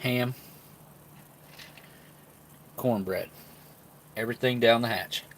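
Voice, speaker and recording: A man's voice: medium pitch, fairly even intonation, slow pace, a little hiss or hum. Easygoing man rambling through a tasting. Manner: rambling, talks while chewing; easygoing, laughs often. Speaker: live-stream food reviewer. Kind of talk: casual live-stream tasting chat.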